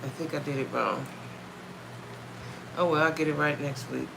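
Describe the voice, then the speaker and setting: A woman's voice: sits low, fairly even intonation, moderate pace, gravelly, background noise. A woman hosting a casual live stream from home, chatting with viewers, greeting them by name and repeating herself a lot. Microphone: phone or webcam.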